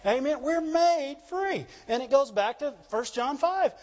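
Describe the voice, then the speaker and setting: A man preaching a sermon in an animated call-and-response manner, asking the congregation for agreement. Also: very high-pitched, measured pace, lo-fi sound. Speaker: pastor.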